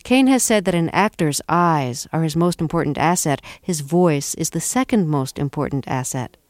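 Crisp radio host woman, dry studio. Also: sits low, animated, normal speed, dry recording. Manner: crisp scripted introduction, then brief questions. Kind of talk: radio interview.

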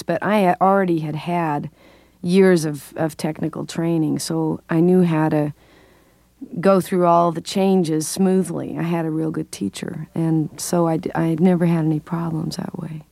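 Older woman, sixties, Californian singer and voice teacher; lowish, dry close sound; patient, explanatory interviewee. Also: vocal fry, mellow, dry recording. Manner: thoughtful, explanatory, laughs often. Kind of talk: interview conversation.

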